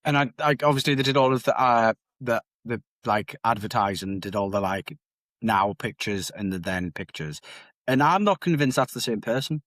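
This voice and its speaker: A man's voice: mid-range voice, expressive, moderate pace, a bit bright, no room sound. A man in his thirties co-hosting a casual podcast, talking in a laid-back, rambling way with casual swearing. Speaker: podcast co-host. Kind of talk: casual chat.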